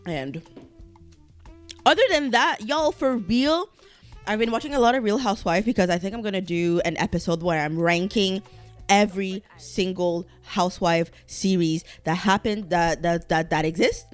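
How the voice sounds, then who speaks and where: Woman, podcast host, lowish voice, casual rambling chat, swears freely, restarts sentences, faint music behind. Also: normal speed.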